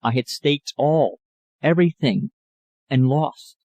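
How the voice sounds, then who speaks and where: Male audiobook narrator, mid voice, dry close mic, measured read. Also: medium pitch, a little mellow, dry recording. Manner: measured, literary reading. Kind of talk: scripted narration.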